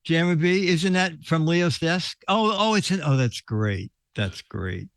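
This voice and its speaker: Slow, rambling male show host. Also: fairly high pitch, animated, no echo. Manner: rambling, chuckling storyteller with many restarts. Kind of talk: casual live-stream chat.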